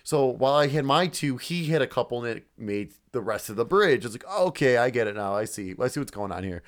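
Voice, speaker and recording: A man's voice: medium pitch, lively intonation, brisk. A man co-hosting a casual podcast who rambles and swears freely. He acts out his own reactions as he goes. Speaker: podcast co-host. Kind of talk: casual chat.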